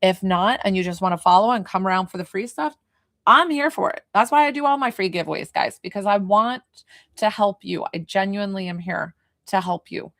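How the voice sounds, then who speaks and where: A woman who works as a medium, chatting casually on a livestream and answering her viewers' questions in a lively way. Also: mid-range voice, fairly quick, dry recording, clean studio sound. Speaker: medium doing live readings.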